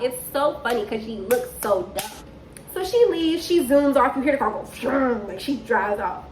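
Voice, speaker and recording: Young woman, casual storytime vlog, fairly high voice, animated retelling, roomy echo, faint hum. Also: brisk. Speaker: storytime vlogger.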